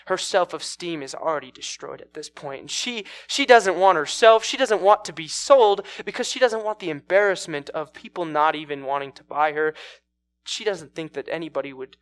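A man telling a scripture story as a sermon, in a casual style with many pauses. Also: a little high. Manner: informal, with fillers and restarts.

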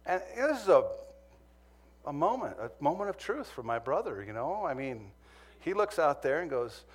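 A man's voice: a little high, big pitch swings, moderate pace. A man from Montana preaching a sermon, telling a humorous personal story that turns earnest. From Montana, USA.

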